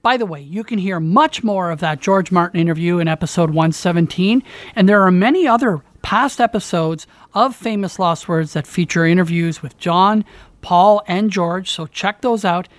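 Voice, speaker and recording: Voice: mid-range voice, moderate pace, no echo. A friendly podcast co-host talking in a conversational way. The sound is close and dry, with no room around it. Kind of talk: podcast hosting.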